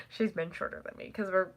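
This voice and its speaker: A teenage girl chatting casually to the camera, rambling and packing her talk with "like" and quick laughs. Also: medium pitch. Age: teens. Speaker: vlogger.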